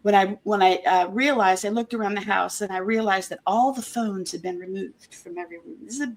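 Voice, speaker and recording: A woman being interviewed, talking earnestly in a halting way, with many restarts and homely comparisons. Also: medium pitch. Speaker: interview guest, former member of a church group. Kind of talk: casual conversational interview.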